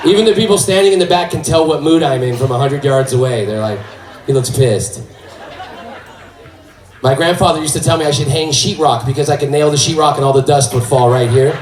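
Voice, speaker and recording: A man from California doing stand-up on a hall stage, loudly working the crowd and shouting punchlines. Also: a little high, fast talker, few pauses. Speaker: stand-up comedian. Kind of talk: stand-up comedy. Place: stage in a hall, live audience. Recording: echoey hall, mic at distance, crowd noise.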